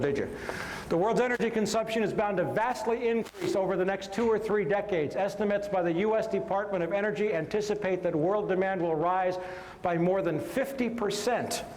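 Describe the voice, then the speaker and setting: A man's voice: high-pitched, darkish tone, slight background noise. A man reading a book aloud on a podcast, dropping in sarcastic asides between passages. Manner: measured reading broken by mocking asides. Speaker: podcast co-host. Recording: echoey room with long reverb.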